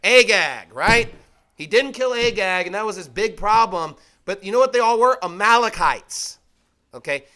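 A man's voice: high-pitched, lively intonation, moderate pace, bright, forceful tone. A man teaching the Bible in a casual, conversational way, full of rhetorical questions and emphatic repetition. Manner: emphatic, repeats his points.

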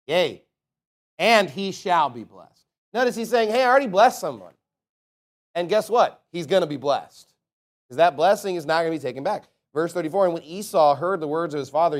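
A man delivers an impassioned sermon in a high, bright voice. He reads scripture in King James wording and swings between loud, emphatic peaks and quiet, low asides. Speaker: preacher.

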